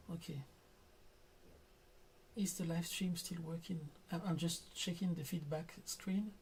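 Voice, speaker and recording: French-accented man, gentle unhurried streamer who stumbles on words now and then, faint hum behind. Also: high-pitched. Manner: soft, calm and careful, stutters at times. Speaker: digital artist live-streaming. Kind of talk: casual live-stream chat while drawing.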